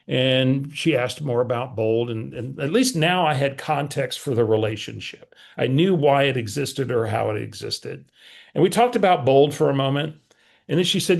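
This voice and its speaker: Gravelly coach telling a story. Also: male voice, medium pitch, moderate pace. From San Antonio, Texas. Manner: animated storyteller, voices both sides of a phone call. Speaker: real estate team leader and coach. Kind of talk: storytelling talk to a team meeting. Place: meeting room with remote attendees.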